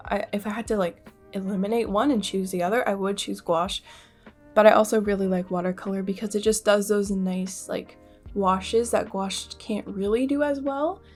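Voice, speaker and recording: A woman's voice: medium pitch, darkish tone. A young woman with a Canadian accent, chatting casually about art supplies in a rambling vlog, with many fillers. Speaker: art vlogger. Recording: faint music behind voice.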